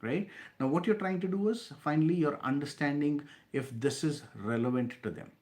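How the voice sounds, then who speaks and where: A man's voice: a little high, moderate pace, a little mellow. Man coaching sales, asking "right?". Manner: instructive, repeats points with frequent "right?". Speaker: sales trainer. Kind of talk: class-style sales lesson.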